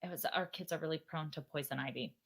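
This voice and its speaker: A woman co-hosting a workshop talk, chatty and quick to agree. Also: deep voice, a bit bright. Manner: chatty, agreeing with short interjections. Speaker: podcast co-host.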